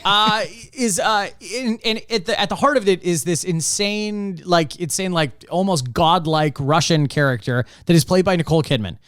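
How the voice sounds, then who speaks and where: A man co-hosting a podcast in casual chat, rambling and animated, with lots of fillers and laughs. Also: sits high, normal speed, hardly any pauses, clear, resonant tone, dry recording. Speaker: podcast co-host.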